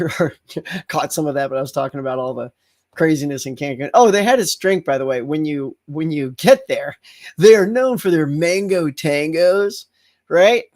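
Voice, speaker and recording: A middle-aged man hosting a casual livestream chat, telling stories with lots of laughter and acted-out yells. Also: on the high side. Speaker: host.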